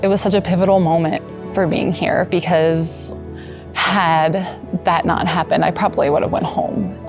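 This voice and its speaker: A woman in her thirties giving a personal testimonial, earnest and halting, with soft restarts. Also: lowish voice, steady tone, music in the background. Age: 30s. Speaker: former patient giving a testimonial.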